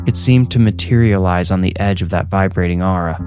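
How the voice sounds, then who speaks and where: A man narrating a first-person horror story in a measured, grim way. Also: sits low, darkish tone, faint music behind.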